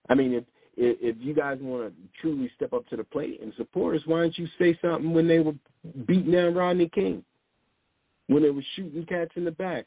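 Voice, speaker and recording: A man delivers an impassioned sermon in a husky, slightly rough voice, pressing his points with rhetorical questions. His voice sounds dry and close, squeezed through a narrow, phone-like band. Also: on the high side, a little fast, no echo. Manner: emphatic, fires rhetorical questions. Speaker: preacher.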